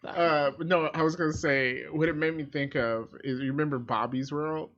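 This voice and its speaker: A man's voice: on the high side, steady tone, normal speed, dull audio. A Midwestern man co-hosting a movie podcast, rambling casually, laughing often and acting out what he thought. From American Midwest. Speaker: podcast co-host. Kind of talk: casual chat.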